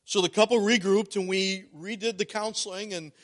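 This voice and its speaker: A middle-aged man with a high voice delivers a sermon from the pulpit of a church. He is animated and talks straight to the congregation, asking them questions. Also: normal speed. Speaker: pastor. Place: church sanctuary.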